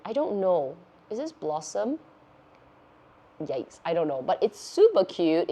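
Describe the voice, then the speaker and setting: A woman, a YouTube host chatting casually through viewer questions in a bubbly, giggly, excitable way. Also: lowish voice. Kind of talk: casual Q&A chat.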